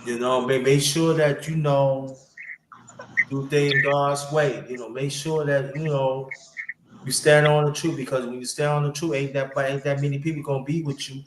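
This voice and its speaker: A man's voice: medium pitch, fairly even intonation, normal speed. A man hosting a casual livestream chat, rambling with many fillers and restarts. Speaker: livestream host. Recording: echoey room with background noise.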